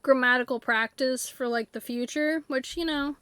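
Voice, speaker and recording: A woman's voice: sits high, normal speed, a bit bright, clear, resonant tone, no room sound. A woman streamer chatting casually while playing, rambling with lots of fillers and breaking into silly voices. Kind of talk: casual chat while live-streaming a game. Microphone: desktop USB mic.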